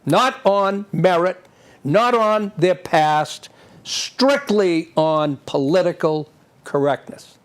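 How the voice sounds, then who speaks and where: Guy hosting a tv show, fairly high voice, ranting about politics, lots of scornful questions to the viewer. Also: animated, takes it slowly. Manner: indignant, opinionated, rhetorical questions. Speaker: TV show host. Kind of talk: political commentary monologue.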